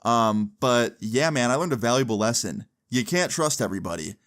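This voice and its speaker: This young man tells a story casually, leaning on constant fillers as he goes. His pitch sits in an ordinary middle range for a man. He talks the way people chat with friends. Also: animated, normal speed, fairly bright tone. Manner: chatty, heavy with "like" and "you know" fillers.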